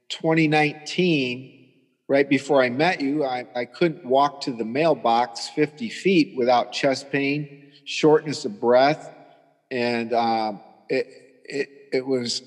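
A man in his sixties telling his story as a patient guest in a halting, rambling way, often restarting. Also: mid-range voice, long reverb tail. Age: 60s. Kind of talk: conversational storytelling.

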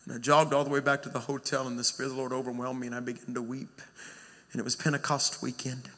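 A man preaching a revival sermon, moving from hushed storytelling to shouted, sing-song exhortation. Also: medium pitch, little pitch movement, fast, long reverb tail.

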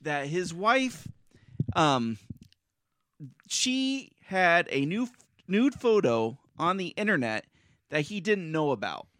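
A man's voice: on the high side, sing-song, slow pace, long pauses, fairly bright tone, no room sound, clean studio sound. A man co-hosting a casual podcast, agreeing along and chiming in. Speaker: podcast co-host. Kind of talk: casual reaction commentary.

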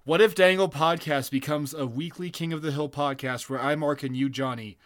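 A man's voice: fairly high pitch, steady tone, normal speed, few pauses, fairly bright tone. A man co-hosting a casual podcast, joking and rambling with profanity. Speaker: podcast co-host.

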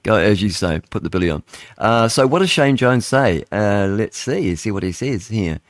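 A man, hosting talk radio in a chatty, rambling way, reading headlines aloud and thinking out loud. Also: fairly low pitch, lively intonation, moderate pace, no echo, studio quality. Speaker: radio host. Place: radio studio.

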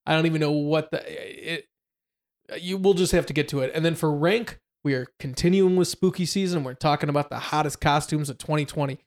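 A man's voice: fairly high pitch, fairly quick. A man hosting a podcast, joking and teasing his co-hosts in casual chat. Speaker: podcast host.

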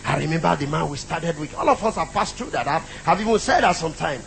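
A man's voice: on the high side, sing-song, brisk, creaky, hardly any pauses, a bit bright, low-quality recording. A middle-aged man preaching a sermon, emphatic and repetitive, calling out to the congregation.

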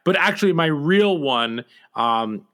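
A man chatting casually as a podcast co-host, with a bright, forceful tone. He rambles a little, pausing on ums and starting his sentences over. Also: a little high, lively intonation. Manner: hesitant, many ums and restarts.

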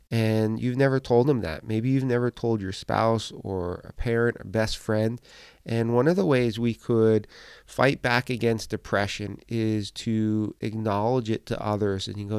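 A man's voice: fairly low pitch, steady tone, normal speed, a little mellow, clean tone, no echo, clean studio sound. A middle-aged man giving an earnest, conversational devotional talk as host of a Christian podcast, repeating phrases and using fillers.

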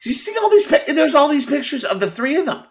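A man co-hosting a podcast in casual chat, telling animated stories, laughing often and mimicking people's voices. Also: extremely high pitch, quick pace. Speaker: podcast co-host.

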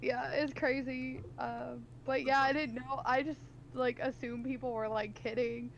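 A woman with a slightly high voice tells a casual story on a gaming podcast, chatty and filler-heavy. A faint hiss of noise runs under her line. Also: fairly even intonation, measured pace, vocal fry. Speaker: podcast co-host.

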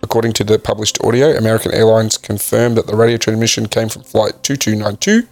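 Low gravelly man reading facts. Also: darkish tone, no room sound. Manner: reads facts from a list haltingly, with many ums. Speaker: podcast co-host. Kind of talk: casual chat.

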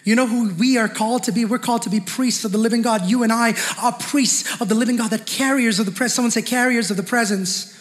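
A man's voice: very high-pitched, steady tone, fast talker, hardly any pauses. A male pastor preaching a fervent sermon with call-and-response, in a large church hall. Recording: long hall reverb.

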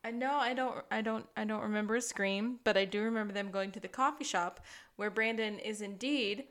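A woman's voice: mid-range voice, brisk, fairly bright tone. A woman co-hosting a podcast, animatedly recapping a TV episode, quoting characters' lines and laughing a lot. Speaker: podcast co-host. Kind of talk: casual chat recapping a TV episode.

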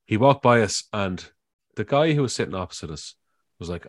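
A man's voice: fairly low pitch, sing-song, brisk, no room sound, clean studio sound. A man co-hosting a casual chat, telling a funny story in a laid-back way with swearing and acted-out quotes.

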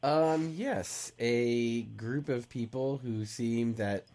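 A man's voice: mid-range voice, drawn-out words, darkish tone. A man co-hosting a movie podcast, giving his opinion hesitantly with many ums and trailing phrases. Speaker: podcast co-host. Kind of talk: casual chat.

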